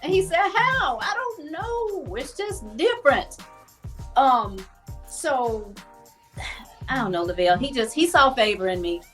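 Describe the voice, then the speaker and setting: Animated storytelling woman, higher voice. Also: unhurried, faint music behind. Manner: animated, laughing, acts out quoted voices. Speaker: guest. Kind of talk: storytelling in a casual interview.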